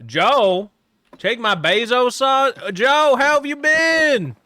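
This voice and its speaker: A man voicing a small cheerful green alien in a squeaky, chirpy voice during a game stream. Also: lively intonation, takes it slowly, pushed and bright, no room sound, clean studio sound, exaggerated voice.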